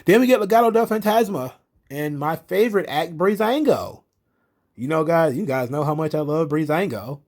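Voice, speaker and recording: A man's voice: a little high, expressive, moderate pace, darkish tone. A man giving a casual, sarcastic recap of a wrestling show, swearing often and speaking bluntly. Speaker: wrestling commentary host.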